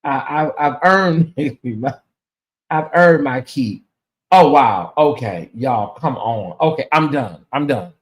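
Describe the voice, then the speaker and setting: A man's voice: mid-range voice, expressive, takes it slowly. A man hosting a casual livestream, chatty and emotional, sounding sleepy as he thanks viewers by name. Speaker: livestream host.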